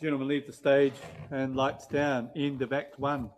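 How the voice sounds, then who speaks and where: A man's voice: medium pitch, level tone, normal speed, a little hiss or hum. A man with a New Zealand accent reading stage directions and thanking the cast, speaking with many hesitations. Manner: hesitant, many ums, grateful.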